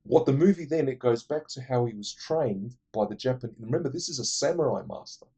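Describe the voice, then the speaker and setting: Rambling, cursing man, mellow voice. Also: medium pitch, expressive, husky. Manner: rambling and profane, loses his thread; acts out the characters' lines in quick impressions. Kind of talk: casual retelling of a film plot.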